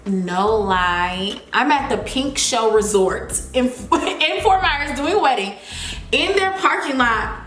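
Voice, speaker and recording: A young woman chatting casually while doing her makeup, retelling a story and acting out the people in it with lively repeated phrases. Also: slow pace, reverberant. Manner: animated, acts out quotes with big pitch jumps, repeats phrases. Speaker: beauty vlogger. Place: home, near a running refrigerator.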